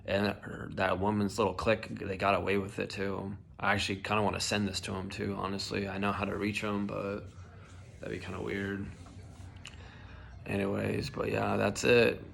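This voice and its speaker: A man's voice: lowish voice, completely flat delivery, moderate pace, gravelly, fairly bright tone, slight background noise. A young man telling a personal story in a casual vlog, heated and emotional, swearing a lot and filling with "like" and "dude", his voice shaking. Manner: heated, swears often, many likes and dudes. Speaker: vlogger.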